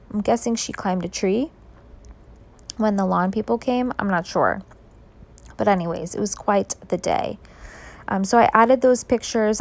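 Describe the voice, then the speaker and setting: Sleepy woman rambling thru a craft voiceover, bit of vocal fry. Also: mid-range voice. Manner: chatty, rambling, many fillers. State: sleepy, yawning. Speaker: scrapbooking video creator. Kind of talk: casual voiceover narration. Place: home, late at night. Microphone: voice-over.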